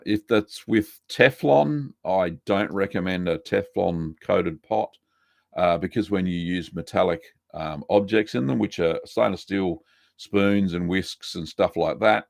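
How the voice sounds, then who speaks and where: A man hosting a live cheesemaking Q&A, relaxed and chatty, reading out viewer messages with lots of ums. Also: deep voice, vocal fry, dry recording, clean studio sound. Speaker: cheesemaking show host answering live chat. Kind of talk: casual live-stream Q&A.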